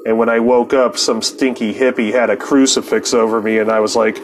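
Man, lowish voice, casual profane storytelling, rambling, chuckles. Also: steady tone, normal speed, hardly any pauses, soft background music. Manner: profane, rambling, laughs often.

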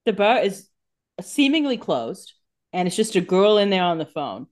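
A woman's voice: mid-range voice, big pitch swings, normal speed, a little mellow. A woman co-hosting a podcast, chatting casually and joking about a TV episode. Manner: laughs often, reacts and jokes about the characters. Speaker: podcast co-host. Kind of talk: casual chat.

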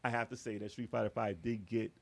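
A man in casual podcast chat, telling relaxed stories about video games and quoting his own past reactions. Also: lowish voice, fast talker, vocal fry, no echo. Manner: laid-back storytelling, quotes his own past reactions. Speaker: podcast guest or co-host.

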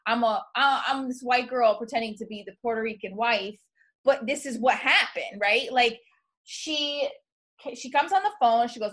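A woman's voice: a little high, moderate pace. A woman hosting a podcast, telling a story in casual comedic chat and acting out what people said. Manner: animated storytelling, acts out quotes. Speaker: podcast host.

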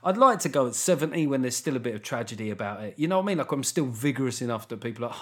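A man's voice: medium pitch, racing, few pauses. Wry ranting British man. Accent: British English. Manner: wry, ranting, lots of fillers and restarts. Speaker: podcast host, comedian. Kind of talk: casual solo podcast chat.

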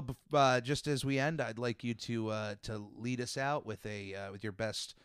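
A man's voice: medium pitch, fairly even intonation, normal speed, few pauses, smooth, dry recording, studio quality. A young man hosting a podcast, chatting casually with lots of fillers and restarts. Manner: rambling, many fillers and restarts. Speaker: podcast host. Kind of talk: casual chat.

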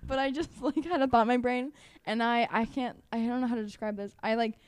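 Young female co-host, quite high voice, giggly and halting. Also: fairly even intonation. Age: young adult. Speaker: co-host, resident assistant. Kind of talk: casual chat.

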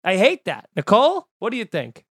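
Brief: male podcast host, lively storyteller, high voice, dry close sound. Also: fairly quick, breathy edge, no room sound. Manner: animated, acts out quoted voices. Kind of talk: casual chat. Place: home room.

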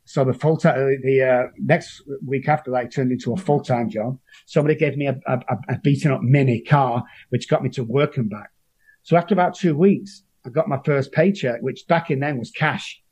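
A man's voice: mid-range voice, brisk, a little mellow, slightly rough. A man, telling his own story as an interview guest in an earnest, emotional way. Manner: earnest, emotional, acts out quoted voices. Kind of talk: personal storytelling.

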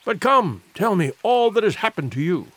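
A man voicing Mister Philander, shrill fussy old scholar. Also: very animated, moderate pace, a bit bright, full character voice. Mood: flustered. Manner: shrill, fussy, panicky exclamations. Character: flustered nearsighted elderly male scholar.

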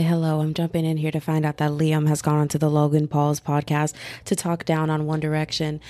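A young woman, chatting excitedly in a casual podcast recorded as phone voice notes. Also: deep voice, vocal fry, no echo. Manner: chatty, excitable, gushing storyteller. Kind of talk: casual voice-note podcast chat. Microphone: phone voice memo.

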